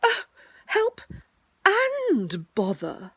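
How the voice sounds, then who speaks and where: A woman voicing a slow, honey-loving toy bear in a storybook reading, talking in a ponderous, slightly greedy way. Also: fairly high pitch, big pitch swings, dry recording, exaggerated voice. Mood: distressed.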